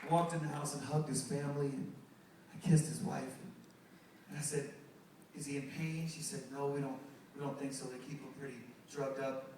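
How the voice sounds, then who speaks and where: A middle-aged male pastor preaching a sermon, animated and joking with the congregation as he tells stories. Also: medium pitch, moderate pace, slight background noise. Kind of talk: sermon with storytelling. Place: church sanctuary. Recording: echoey hall, distant mic, music behind.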